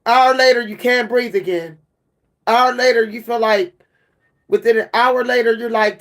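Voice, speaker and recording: A woman's voice: a little high, a little slow. A worn-out woman venting to her camera in an emotional monologue, repeating and stumbling over her words. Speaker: vlogger.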